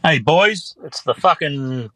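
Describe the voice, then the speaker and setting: A man's voice: a little high, animated, slow, pushed and bright, no echo, rough recording. A man leaving a crude, blokey voice message as a caller to a podcast. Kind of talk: recorded voice message.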